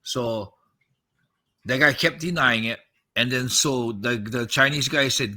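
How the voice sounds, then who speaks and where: A man's voice: medium pitch, a little slow, bright, forceful tone. A man in his fifties on a podcast, casually recounting a story, acting out the quoted dialogue and swearing freely.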